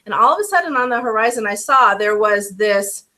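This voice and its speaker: A woman, a life coach, speaks as a guest in a thoughtful, earnest way, often restarting her phrases. Her voice is fairly high and bright. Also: animated, fairly quick. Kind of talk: reflective conversation.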